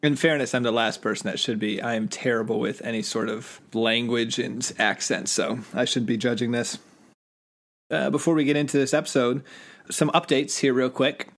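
A man's voice: mid-range voice, fairly even intonation, normal speed, a bit bright. Chatty podcast host man, laughs often. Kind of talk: casual chat.

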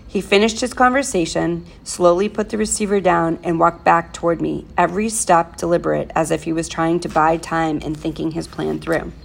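Woman, teacher, reading a novel aloud to a class, steady storytelling, heavy vocal fry. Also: fairly low pitch, normal speed, few pauses.

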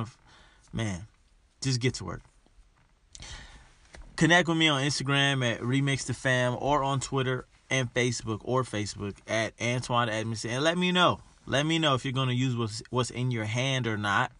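A man's voice: mid-range voice, moderate pace, bright, forceful tone, no room sound. A man hosting a podcast alone, giving a motivational monologue and hammering home his points by repeating them. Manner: emphatic, repeats his rallying lines. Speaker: podcast host.

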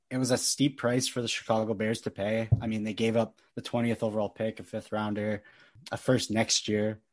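A man's voice: fairly low pitch, a little mellow. A man co-hosting a casual sports chat, telling stories with animation and laughing often. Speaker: podcast co-host.

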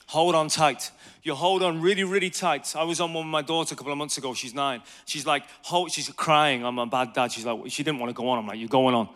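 A man in his thirties preaching a conversational sermon on evangelism, telling lively stories and asking the audience questions. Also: fairly high pitch, brisk.

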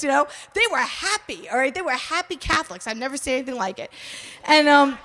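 High-voiced New woman telling her story. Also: fairly quick. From New York. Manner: animated, acts out quoted voices, frequent "all right?" asides. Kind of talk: personal testimony, storytelling.

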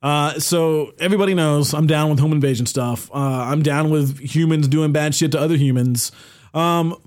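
A man's voice: a little high, moderate pace, a little mellow. A man co-hosting a podcast, rambling casually with lots of fillers and swearing freely. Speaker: podcast co-host. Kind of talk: casual chat.

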